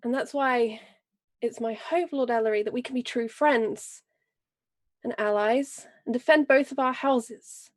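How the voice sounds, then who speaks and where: A proud, vengeful noble lady, as a woman puts her on, grave and forceful, measured in every word. Her voice sits a little high. She speaks in tabletop role-play. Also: close to an everyday voice. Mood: fierce, earnest. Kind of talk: in-character role-play speech.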